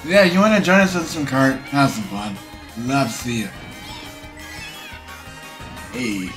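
A man's voice: medium pitch, a little slow, over music. A man streaming live, chatting casually in a tired, rambling way and stumbling over his words.

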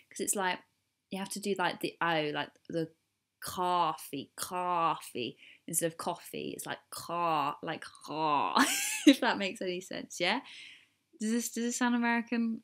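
A young woman vlogging casually to camera, rambling and self-deprecating, now and then trying an American accent on single words. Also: fairly low pitch. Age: young adult. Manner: jokey, attempting an American accent on odd words.

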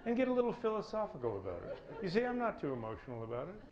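A man's voice: high voice, wildly swooping pitch, racing, highs cut off, background noise. A man giving a talk to a live audience as a corporate speaker, leading them through hands-on exercises.

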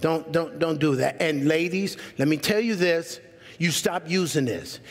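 A pastor preaches to his congregation with a high, swooping voice, swinging from soaring highs to low, quiet asides. He jokes and calls out to the people in the pews, and his voice rings out into a long reverb in the church sanctuary. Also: moderate pace. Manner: animated, humorous, talks straight to the congregation. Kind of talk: sermon.

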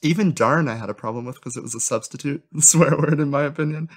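A woman's voice: sits low, fast talker. A young adult woman guesting on a podcast, chatting casually in a hesitant, wry, self-conscious way.

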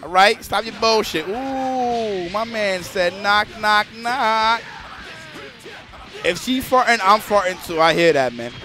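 A man's voice: high voice, animated, moderate pace, few pauses, bright, forceful tone, soft background music. A man casually commentating a live stream, joking crudely and talking straight to the chat.

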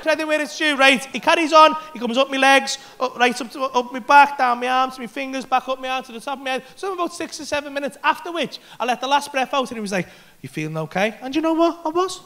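A man doing animated stand-up storytelling in a comedy club, swearing freely and acting out voices. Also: very high voice, quick pace, few pauses. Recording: live comedy club set.

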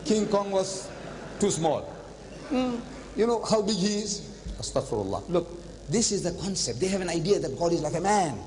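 Older man lecturing with lively pitch. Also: moderate pace. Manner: animated storytelling, switching into Hindi-Urdu phrases. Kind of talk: religious lecture to an audience. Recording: long hall reverb.

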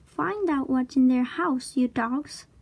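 A loud, bullying pirate captain from a storybook, roaring every order. A woman acts him out in a high, slightly husky voice, speaking slowly. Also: exaggerated voice. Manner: roaring, shouting. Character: bullying gruff adult male pirate captain.

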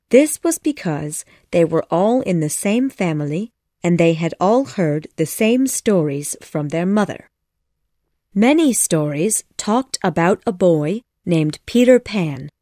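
A woman reads a children's story aloud at an unhurried, measured pace. Her tone is mellow and soft, with a lively rise and fall through the sentences. The recording is close and dry. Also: lowish voice, no room sound. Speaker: audiobook narrator. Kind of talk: scripted narration.

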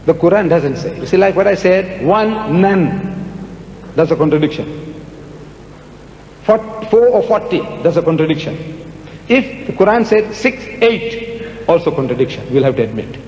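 A man's voice: on the high side, expressive, normal speed, long pauses, darkish tone. A man giving a public lecture and answering audience questions, speaking emphatically and repeating words for effect. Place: large lecture hall with audience. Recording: echoey hall with long reverb, faint noise.

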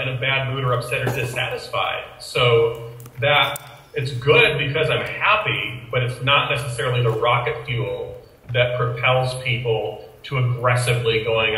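A man's voice: medium pitch, normal speed, pushed and bright. A middle-aged man on a coaching video call, talking reflectively and openly about his motivation. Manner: reflective, open. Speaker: coaching client. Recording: distant, roomy video call audio.

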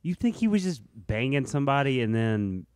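A man's voice: medium pitch, sing-song, moderate pace, darkish tone, clear, resonant tone, dry recording, studio quality. A man co-hosting a podcast in casual chat, reacting with wry asides. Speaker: podcast co-host.

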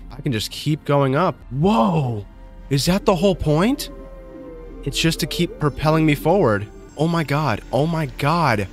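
A young man commenting on a game as he plays, excitable and profane, his voice leaping up into shrieks when startled. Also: mid-range voice. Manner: excitable, swears a lot, shrieks when scared. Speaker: gaming streamer. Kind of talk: let's play commentary.

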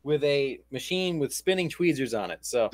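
Male co-host, mid-pitched voice, quick teasing cracks in loose stream banter. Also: expressive, background noise. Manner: teasing, crude wisecracks. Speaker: podcast co-host. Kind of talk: casual stream chat.

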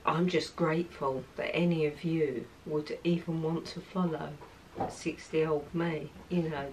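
A woman in her sixties chatting casually on her lifestyle vlog, soft-spoken and heartfelt. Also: low-pitched, fairly even intonation, measured pace, noisy background. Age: 60s. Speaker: lifestyle vlogger.

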